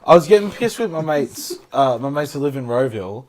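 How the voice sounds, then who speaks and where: A man's voice: fairly high pitch, big pitch swings, fairly quick. Guy with crude pub stories. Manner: laughing, crude anecdotes. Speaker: podcast co-host. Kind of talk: casual chat.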